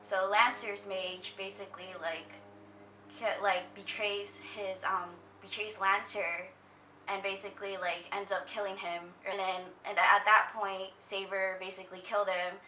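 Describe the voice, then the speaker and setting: Young woman co-host, bright voice, chatty and excitable, echoey room. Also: medium pitch, a little slow, soft background music. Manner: chatty, fillers, excitable retelling. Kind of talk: casual chat.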